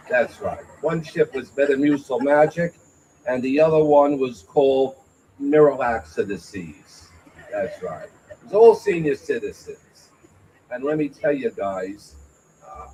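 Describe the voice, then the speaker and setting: A man doing a stand-up comedy set at an open mic, with a halting, stammering delivery full of fillers and chuckles at his own jokes. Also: medium pitch, darkish tone, a little hiss or hum, poor audio. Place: small venue at an open mic night.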